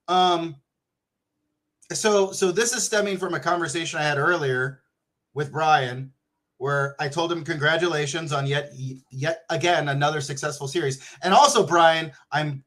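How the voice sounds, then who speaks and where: A man hosting a casual livestream, talking in an excitable, joking and profane way. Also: fairly high pitch. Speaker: livestream host.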